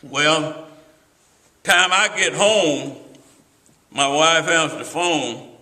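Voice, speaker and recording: A man's voice: fairly high pitch, drawn-out words, sharp tone. An older man, telling rambling stories with asides to his listener in an oral history interview. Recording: roomy echo.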